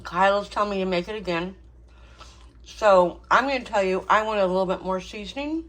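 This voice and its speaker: A woman's voice: mid-range voice, a little fast, a bit bright. A woman hosting a home cooking channel, talking casually with frequent ums and small laughs. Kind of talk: casual cooking vlog chat.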